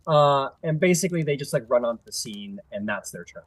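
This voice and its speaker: A man's voice: medium pitch, expressive, brisk, hardly any pauses, dry recording. A man running a tabletop game as game master, narrating in a chatty, playful way.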